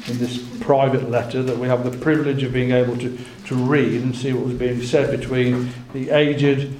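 A man's voice: medium pitch, darkish tone, slight background noise. Roomy-sounding man giving a Bible talk. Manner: slow, emphatic scripture reading, chatty asides; halting, with repeated words. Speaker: preacher.

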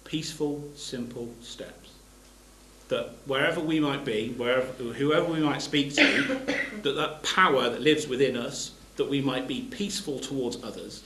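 A man's voice: medium pitch, a bit bright, roomy sound, slight background noise, rough recording. A man giving a sermon. He reads scripture aloud and explains it plainly, stopping to restart his phrases. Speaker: preacher.

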